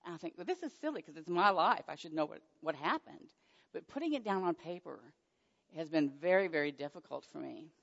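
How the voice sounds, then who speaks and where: An older woman born in Oklahoma with a Texan accent, giving a nervous, chatty faith testimony as a guest speaker in a church hall, acting out conversations. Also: creaky. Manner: chatty storytelling, acts out dialogue with pitch jumps; nervous, self-deprecating. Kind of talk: personal faith testimony to an audience. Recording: dull echoey hall recording.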